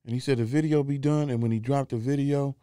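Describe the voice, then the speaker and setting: Guy on a podcast, smooth clear voice, rambles and stalls a lot, dry sound. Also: medium pitch, steady tone, warm tone, no room sound. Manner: rambling, halting, with fillers. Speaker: podcast co-host. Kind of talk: casual chat.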